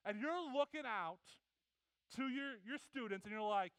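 A middle-aged man preaching a sermon, telling animated family stories and acting out the voices of his kids and wife. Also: very high-pitched, moderate pace, clear, resonant tone, dry recording, poor audio. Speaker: pastor.

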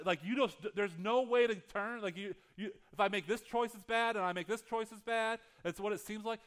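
A pastor in his thirties preaches with a somewhat high voice for a man. He speaks earnestly, stumbling and restarting phrases as he works through his point. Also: a bit bright. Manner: earnest, halting with frequent restarts. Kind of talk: sermon.

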